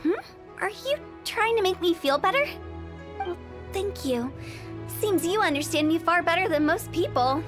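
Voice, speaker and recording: A woman's voice: very high voice, lively intonation, normal speed, long pauses. A woman voicing a playful, mischievous young funeral director in a video game, talking with teasing, giggly sales patter. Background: game music.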